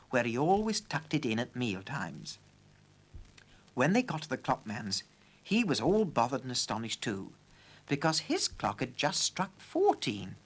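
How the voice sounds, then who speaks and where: A man narrating a children's story in a lively, playful way. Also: mid-range voice, breathy edge.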